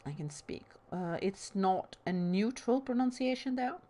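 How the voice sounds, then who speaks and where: Slow, lively Italian woman gaming. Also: mid-range voice. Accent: Italian, slight Bolognese lilt. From Bologna, Italy. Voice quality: drama-school trained diction. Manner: rambling, chatty, self-deprecating asides. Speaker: let's play host. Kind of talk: casual gameplay commentary.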